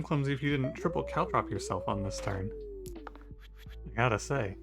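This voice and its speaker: A male video game streamer with a mid-range, expressive voice, some vocal fry, and a moderate pace comments casually on his game run over background music. He talks to the characters and lets out exasperated outbursts at unlucky moments.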